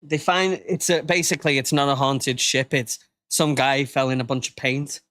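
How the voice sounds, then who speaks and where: A man from the United Kingdom hosting a casual live podcast, joking and laughing, now and then breaking into silly high-pitched quoted voices. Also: steady tone, normal speed, a bit bright. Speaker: podcast host.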